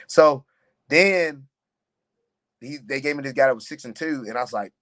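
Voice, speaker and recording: A young man, a fighter, chatting on a podcast and telling stories in a loose, animated way, full of "man" and "you know.". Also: medium pitch, normal speed. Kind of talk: casual podcast chat.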